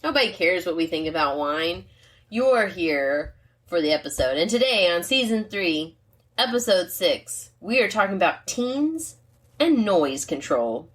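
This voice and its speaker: A woman's voice: on the low side, big pitch swings, measured pace. A middle-aged woman co-hosting a podcast, chatting casually over wine, rambling off on tangents and laughing at her own jokes. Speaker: podcast co-host.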